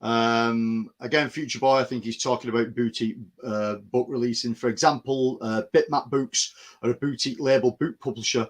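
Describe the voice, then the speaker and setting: A man's voice: mid-range voice, steady tone, normal speed. A man from the North West of England, chatting casually on a podcast co-hosting, rambling with plenty of ums. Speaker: podcast co-host. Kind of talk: casual chat.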